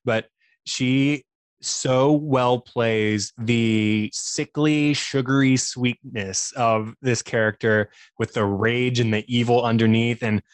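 A man's voice: mid-range voice, steady tone, takes it slowly, smooth, no room sound. A man talking casually on a podcast, analyzing a film with enthusiasm and frequent laughter. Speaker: podcast co-host or guest, teacher by day.

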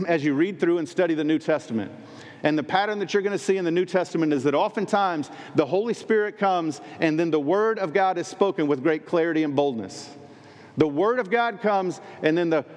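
A man's voice: a little high, a little mellow. A male pastor preaching a sermon with emphatic, repeated phrases in threes. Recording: long reverb in a large hall.

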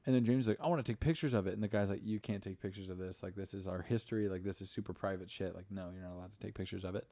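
A man's voice: deep voice, flat delivery, racing, hardly any pauses, dark tone, dry recording. A young man podcast host casually recapping a movie, rambling, swearing, and acting out the characters' lines.

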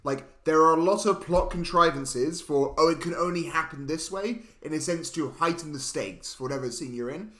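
A man co-hosting a casual movie review chat, animated and rambling, with loud interjections. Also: a little high, normal speed, hardly any pauses, reverberant. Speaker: podcast co-host.

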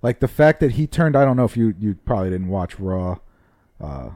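A man's voice: lowish voice, brisk, no echo. Guy chatting casually, swears a lot, dry close mic. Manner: animated, swearing, retelling quotes. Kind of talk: casual chat about pro wrestling.

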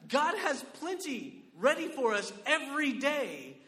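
A man preaching a sermon in an animated, conversational way, often checking in with his listeners. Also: extremely high pitch, a little slow, hardly any pauses, in a large hall. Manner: animated, conversational, lots of "right?" and "like".

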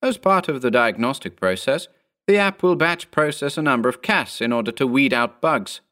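A man doing a calm, unruffled clone. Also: medium pitch, moderate pace, pitched above the performer's own voice. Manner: calm, reassuring. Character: calm, cool-headed male clone.

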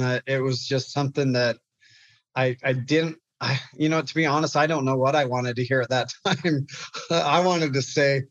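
Young male guest, halting emotional storytelling, dry close lo-fi sound. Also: medium pitch, no echo. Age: young adult. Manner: halting, repeats words when upset. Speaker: guest, clinical therapist.

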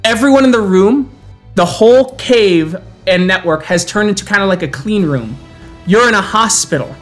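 Man, game master, tabletop horror narration, measured, descriptive, faint music behind. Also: sits high.

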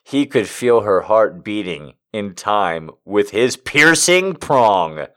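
A man's voice: on the low side, fairly bright tone. Laughing man reading erotic poems aloud. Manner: laughing, incredulous asides between lines. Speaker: comedic reader.

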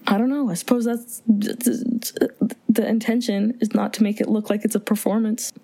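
A woman's voice: mid-range voice, level tone, moderate pace, warm tone, slightly rough. Chatty woman podcast co-host. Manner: chatty, laughs often. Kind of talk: casual movie chat.

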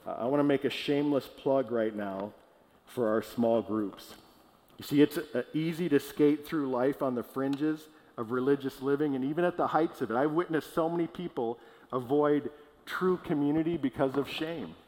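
A man's voice: medium pitch, a little mellow. Earnest male pastor preaching in a reverberant hall. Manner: earnest preaching with slow emphatic pauses and small restarts. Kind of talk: sermon. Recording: long reverb of a large hall.

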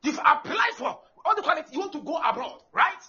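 A man, preaching an animated sermon that breaks into shouting and laughter. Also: very high-pitched, fairly quick. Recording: dull lo-fi live recording with faint noise.

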